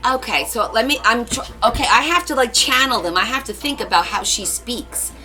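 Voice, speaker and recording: A woman runs a casual crafting live stream with soft music behind her, chatting, joking with viewers, reading their comments, and laughing often. Her voice is fairly high, expressive, and sharp, at a moderate pace.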